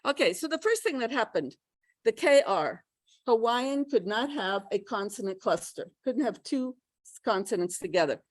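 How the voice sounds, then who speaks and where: An American woman giving a pronunciation workshop, teaching in a lively way and checking in with her listeners as she goes. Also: a little high, moderate pace, no echo. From United States. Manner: lively teacher, checks in with okay and all right. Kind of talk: lecturing to a class.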